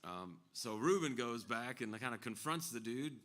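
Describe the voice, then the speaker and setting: A man's voice: mid-range voice, expressive, normal speed, a bit bright. Rambling man telling a story on stage. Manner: rambling, loose, full of fillers and asides. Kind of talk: live storytelling between songs. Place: live music venue.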